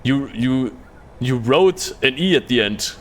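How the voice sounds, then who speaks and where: A man playing a game on a live stream and reading its dialogue aloud. His voice sits at an ordinary mid pitch, and he talks casually, tripping over words and swearing offhand. A faint hiss runs under the recording. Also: lively intonation, slow pace.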